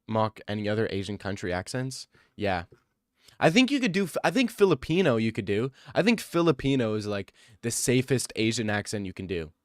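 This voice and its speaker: A man's voice: mid-range voice, dry recording, clean studio sound. A young man streaming live, answering his chat with defensive, joking replies and a lot of "bro.". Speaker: livestreamer reading chat. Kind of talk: casual livestream chat.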